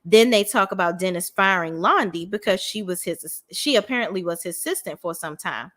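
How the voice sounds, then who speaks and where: A woman's voice: on the low side, animated, a little fast, fairly bright tone. A woman recapping a reality show on her vlog, blunt and opinionated, swearing freely and acting out what people said. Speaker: reality TV reviewer.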